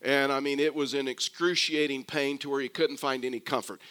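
A man's voice: medium pitch, steady tone, brisk, pushed and bright, smooth. A man delivering a sermon as a pastor, telling a story and circling back to repeat his key phrases, with restarts along the way.

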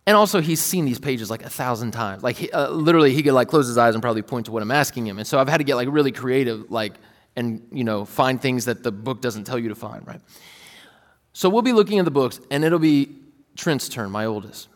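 Male pastor, 30s, relaxed storytelling sermon delivery, mid pitch, reverberant hall. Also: brisk. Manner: casual, storytelling, acts out his kids' voices.

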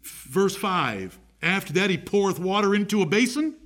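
A man's voice: high-pitched, lively intonation, normal speed, a bit bright. A man preaching a sermon, rising emphatically on key points.

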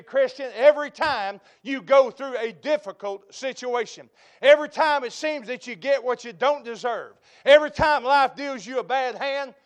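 A high-pitched man preaches. He pushes his voice loud on key words, then sinks to a low, hushed tone to drive a point home. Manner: emphatic preaching, swells loud then drops to near quiet. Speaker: pastor. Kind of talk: sermon.

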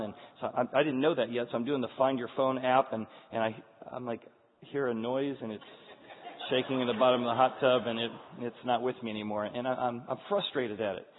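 Man in his 40s, husky voice, candid storyteller sharing a faith story with a crowd, tinny audio with long hall reverb. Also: mid-range voice, fairly even intonation, a little fast. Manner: earnest and candid, with frequent restarts. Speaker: speaker addressing an audience. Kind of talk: personal storytelling talk. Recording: tinny, echoey hall sound.

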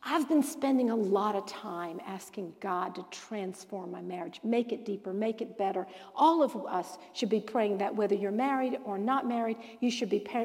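A woman teaching a Bible lesson to a live audience in a lively preaching style, telling stories and acting out the dialogue. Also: mid-range voice, in a large hall. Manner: animated storyteller who acts out quoted dialogue.

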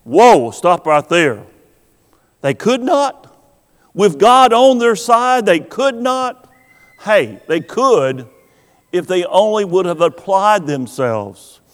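A high-pitched man preaching in a slow, deliberate way. He asks rhetorical questions and leaves dramatic pauses, and his voice rings out with a long hall reverb behind it. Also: big pitch swings. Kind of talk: sermon.

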